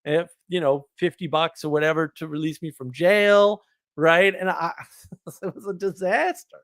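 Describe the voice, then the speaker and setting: A man, telling a story on a live stream in an animated, indignant way. He laughs often and repeats words. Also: a little high, normal speed, no room sound. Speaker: podcast host.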